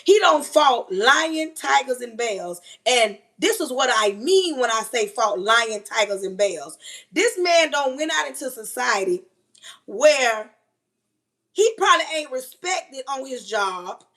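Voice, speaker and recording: A woman in her forties talks straight to her live viewers with a high, bright-pitched voice. She preaches her advice emphatically and keeps calling her listeners "baby." It is a casual, heartfelt, sermon-like chat. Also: sing-song, a little slow. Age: 40s. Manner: talks while doing kitchen chores. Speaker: livestream host.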